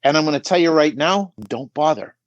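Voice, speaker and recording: A man's voice: on the high side, brisk, no echo, dull audio. A middle-aged man giving emphatic coaching advice on a podcast, often checking in with "right?". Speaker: business coach guest.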